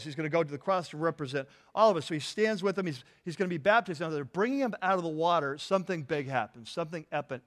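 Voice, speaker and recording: A man preaching a sermon in an earnest way, often repeating words and asking the congregation to finish his sentences. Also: on the high side. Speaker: pastor.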